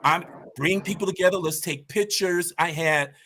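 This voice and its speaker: A man's voice: high-pitched, normal speed, sharp tone, a little hiss or hum. A man as a podcast guest, telling stories about his martial arts team with passion and emphasis. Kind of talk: conversational storytelling.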